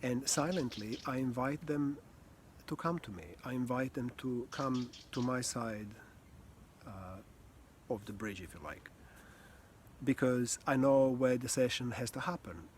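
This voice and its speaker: Animated man coaching on communication. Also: medium pitch, unhurried, a little hiss or hum. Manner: animated, demonstrates voices, drops to soft near-whisper. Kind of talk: casual teaching talk.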